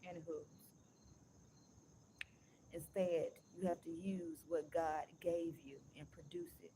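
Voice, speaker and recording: A woman vlogger, ranting bluntly to her viewers, swearing freely and slowing down to read aloud with emphasis. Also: low-pitched, little pitch movement, mellow, a little hiss or hum. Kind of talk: casual motivational rant to viewers.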